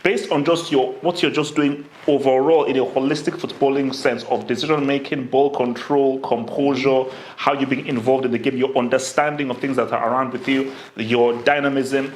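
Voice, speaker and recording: Male podcast co-host, mid-pitched, reasoned delivery; roomy echo, faint background noise. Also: fairly even intonation. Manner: measured, lists points, frequent "I mean" fillers. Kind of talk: casual football chat. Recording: echoey room with faint noise.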